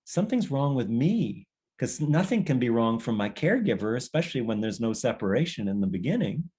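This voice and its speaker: A man's voice: medium pitch, very animated, quick pace, a little mellow. Reflective male workshop leader. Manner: reflective, meandering, with restarts. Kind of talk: conversational teaching session.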